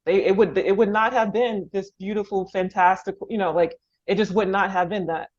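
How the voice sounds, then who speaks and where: A woman from the Bronx in New York hosts a podcast interview over a video call, talking effusively, laughing through tears and often restarting her sentences in an emotional conversation. Her voice is medium-pitched and darkish, with fairly even intonation and a moderate pace, and the recording sounds muffled.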